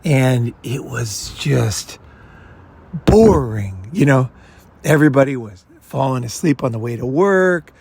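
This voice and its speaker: A man's voice: mid-range voice, lively intonation, slow, darkish tone, husky. An American man in his fifties, telling a rambling, profane story in a casual monologue. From United States. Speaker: channel host.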